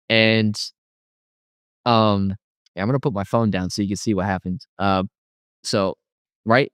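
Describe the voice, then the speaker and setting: A man's voice: fairly low pitch, dry recording, studio quality. A man casually telling a personal testimony, rambling with many fillers and restarts. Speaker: guest telling a near-death story.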